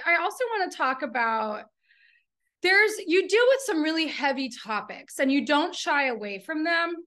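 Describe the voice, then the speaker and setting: A woman author and professor interviewing a fellow writer over a video call, talking quickly and effusively, laughing often. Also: on the high side, sharp tone. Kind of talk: virtual book launch conversation. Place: home in Texas.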